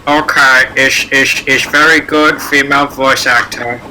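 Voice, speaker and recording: A man chats eagerly on a live stream, asking questions and reading viewer comments aloud. His voice is extremely bright and sharp-edged, with faint noise in the background. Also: medium pitch, steady tone, a little slow, low-quality recording. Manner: reads out chat messages, chatty and eager. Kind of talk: casual group chat on a live stream.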